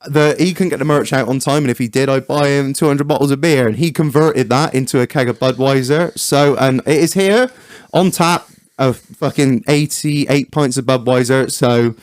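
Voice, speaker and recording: A man's voice: mid-range voice, normal speed, no room sound, clean studio sound. Sweary man telling stories. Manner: sweary, animated storyteller. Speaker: podcast co-host. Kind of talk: casual banter.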